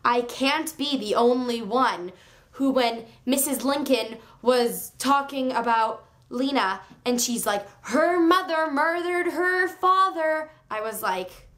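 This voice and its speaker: A woman reviewing a book on her video channel, chatting in a gushing, excitable way with sarcastic asides. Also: fairly high pitch, slow. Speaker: book vlogger.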